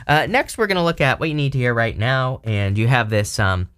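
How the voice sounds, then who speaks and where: A man's voice: medium pitch, lively intonation, a little fast, fairly bright tone, clear, resonant tone. A man hosting his own channel, giving a casual tarot reading in a meandering, conversational way with asides to his viewers. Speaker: tarot reader, channel host.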